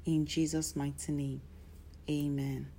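A woman preaches a sermon with a low, mellow voice. Her delivery is declarative and steady, and it swells into emphatic bursts of emphasis. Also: a little slow, breathy edge.

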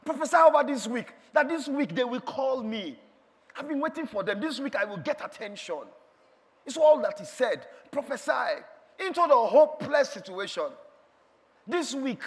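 A man preaching a sermon, emphatic, repeating lines and shouting some of them in a large church hall. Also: very high voice, animated, moderate pace. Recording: long hall reverb.

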